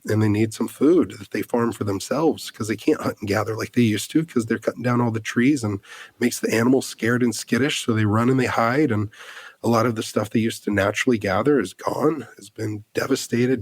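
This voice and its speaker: An American man in his thirties, a podcast guest, telling a personal story in an earnest, halting way, full of fillers and restarts. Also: on the low side, fairly even intonation, no room sound. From United States.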